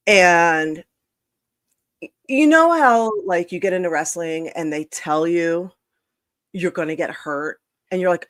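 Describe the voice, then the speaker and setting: A woman's voice: on the low side, expressive, normal speed, a bit bright, no echo. A woman hosting a chat show over a video call, telling a frank story in a rambling way full of fillers and restarts. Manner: rambling, frank, with many fillers and self-corrections. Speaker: host. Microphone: video call streaming setup.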